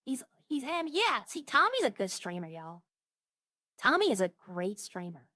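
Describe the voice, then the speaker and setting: A woman's voice: fairly high pitch, big pitch swings, unhurried, bright, forceful tone, no room sound. A woman chatting casually on a roleplay stream, rambling through funny stories and imitating the people she quotes.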